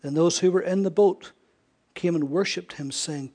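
A man preaching a sermon, swinging between raised emphasis and hushed near-whispers, often asking his listeners rhetorical questions. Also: high-pitched, moderate pace. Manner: frequent rhetorical questions to the congregation.

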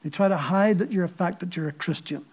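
A man's voice: high-pitched, fast, darkish tone, husky. A man with a Northern Irish accent preaching a sermon, telling stories and asking the listeners earnest rhetorical questions. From Northern Ireland.

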